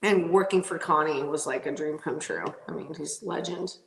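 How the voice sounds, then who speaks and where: A woman race car driver, a podcast guest, telling stories in a lively, laughing way with lots of "like" fillers. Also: low voice, normal speed, creaky. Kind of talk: casual storytelling interview. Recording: roomy echo.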